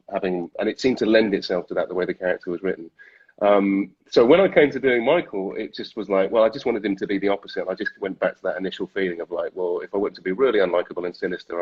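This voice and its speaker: A British man, an actor, chatting in an interview, self-deprecating and quick to laugh. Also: low-pitched, husky. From Britain. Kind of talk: casual interview chat. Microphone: video call. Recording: dull lo-fi livestream audio.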